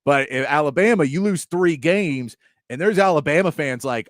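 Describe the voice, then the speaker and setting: Animated sports radio host, dry studio sound. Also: male voice, a little high, normal speed, no echo. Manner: animated, acts out quotes in mock voices. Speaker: sports talk show host. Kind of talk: casual sports talk.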